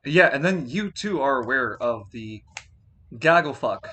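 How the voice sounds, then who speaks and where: Man, bright lively game master, laughs easily, yells for comedy. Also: mid-range voice, measured pace. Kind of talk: running a tabletop game, laughing often.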